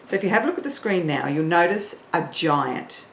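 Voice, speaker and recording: A woman singing teacher leading an online warm-up, encouraging and counting in her learners. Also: lowish voice, lively intonation, moderate pace, reverberant, slight background noise.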